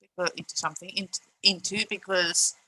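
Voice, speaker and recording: A woman's voice: fairly low pitch, fairly even intonation, a little fast, sharp tone, poor audio. A young woman streaming live, ranting in a frustrated, emphatic way, swearing and repeating her points while greeting chat.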